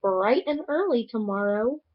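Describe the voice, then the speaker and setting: A woman's voice: a little high, animated, a little slow, highs cut off. Young woman quoting a fussing mother. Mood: nagging. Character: caring mother in a novel, woman.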